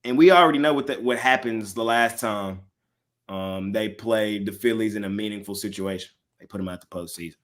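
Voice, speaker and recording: A man's voice: on the low side, brisk. A man hosting a sports betting show, giving casual picks to his live chat and repeating lines for emphasis.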